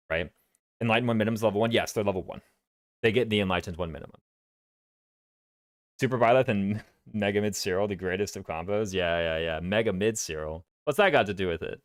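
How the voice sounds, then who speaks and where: A man's voice: on the low side, fairly bright tone, no room sound, clean studio sound. A man with a Southern US accent who drops his consonants, rambling and thinking aloud as he plays. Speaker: streamer playing a strategy game. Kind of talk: casual gameplay commentary. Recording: game music playing underneath. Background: game music.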